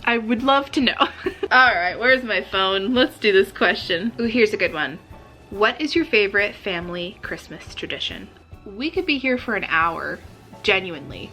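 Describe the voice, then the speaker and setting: A woman's voice: medium pitch, bright, forceful tone. An American woman hosting her own vlog, chatting casually with friendly asides to viewers. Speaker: vlogger host.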